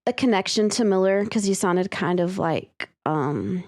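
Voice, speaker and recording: A woman's voice: medium pitch, expressive, a little slow, darkish tone, dry recording, clean studio sound. A woman co-hosting a casual podcast, chatting easily with fillers and laughter. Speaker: podcast co-host, former teacher. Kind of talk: casual chat.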